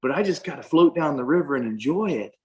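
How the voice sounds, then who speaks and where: A man's voice: fairly high pitch, animated, fast, low-quality recording. A man on a video call, earnestly recounting a spiritual experience in a casual way, often restarting his sentences. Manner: earnest storyteller with frequent restarts.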